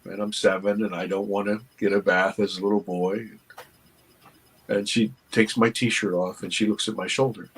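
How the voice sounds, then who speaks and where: A man, an interview guest, earnestly telling a personal story with halting restarts. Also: on the low side, level tone, husky, rough recording. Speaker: interview guest, documentary producer.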